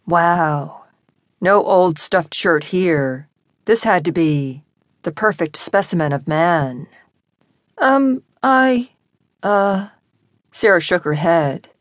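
A woman narrating an audiobook in measured, expressive storytelling. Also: sits low, dry recording, studio quality. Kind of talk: scripted narration.

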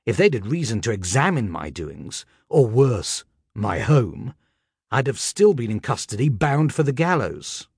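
A male narrator, his voice slightly husky and his pitch moving a lot as he tells a comic story in the first person. He sounds wry and lively. The recording is dry and close to the mic. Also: no room sound. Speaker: audiobook narrator.

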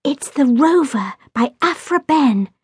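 A woman's voice: sits high, lively intonation, slow pace, dry recording, clean studio sound, voice pushed up. A woman playing a bookish, playful young girl. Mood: playful, pleading. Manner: bright and pleading, with a grin.

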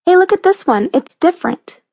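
A woman reading an audiobook, voicing an eager, curious girl in a lifted, lively way. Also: high-pitched, normal speed, no room sound, clean studio sound.

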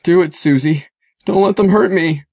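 A man's voice: on the high side, very animated, slow pace, a little mellow, voice pushed up. A male narrator voicing a frightened young man who whimpers and pleads.

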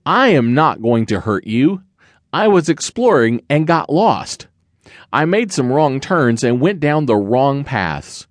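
A lost little bear cub, earnest and plaintive, his voice lifted well above a grown man's, as a male narrator puts him on. He swings through a lively, bouncy range of pitch. The read is dry and close, with no room around it. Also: slow, dry recording. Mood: friendly, hopeful. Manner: earnest, plaintive and breathy with effort. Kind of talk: children's audiobook character voice.

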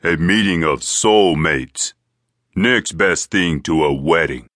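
A man voicing a menacing, gleeful male villain in an audiobook, with a slow, mocking, taunting drawl. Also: extremely low pitch, fairly bright tone, no room sound, clean studio sound, heavily acted. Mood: gloating menace.

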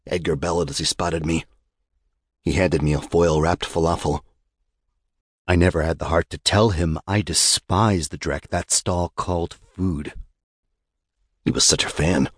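A man reads a first-person audiobook in a wry, measured way. His voice sits very low and carries a husky edge. The recording is close and dry, with no room sound. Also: steady tone, no echo. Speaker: audiobook narrator. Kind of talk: scripted first-person narration.

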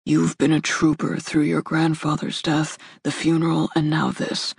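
A woman's voice: fairly even intonation, unhurried, gravelly, breathy edge, no room sound, exaggerated voice. A woman voicing a stern, protective young man who speaks curtly and firmly in an audiobook. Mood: soothing. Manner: curt, firm, low-voiced. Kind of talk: audiobook character voice. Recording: dry close studio recording.

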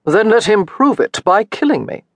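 A woman's voice: lowish voice, animated, normal speed, slightly rough, no room sound, clean studio sound. A woman voicing an arrogant, cool young male duke who speaks with careless disdain in an audiobook. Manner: careless, coolly dismissive drawl.

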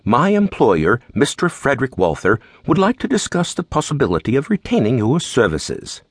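A man's voice: medium pitch, wildly swooping pitch, normal speed, breathy edge, dry recording, clean studio sound, pitched above the performer's own voice, heavily acted. A man doing a formal English manservant. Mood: courteous. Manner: polite and formal. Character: formal English male butler-secretary.

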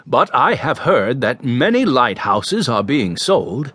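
Casting note: a kindly old grandfather, read by a man. Calm, measured and slightly husky, in a storybook. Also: mid-range voice, dry recording, studio quality, exaggerated voice. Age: over 60. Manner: calm, measured, gently teasing. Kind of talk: audiobook character voice.

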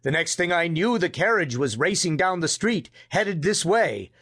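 A man voicing a calm, firm older grandfather who runs an inn. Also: sits high, moderate pace, husky, no room sound, studio quality, full character voice. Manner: firm, commanding.

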